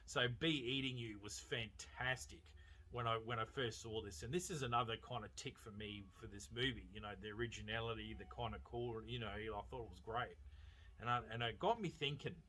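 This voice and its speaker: A man giving a casual, animated movie review, swearing freely and laughing as he retells scenes. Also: mid-range voice, a little fast. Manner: animated, profane, laughing storyteller. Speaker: film reviewer.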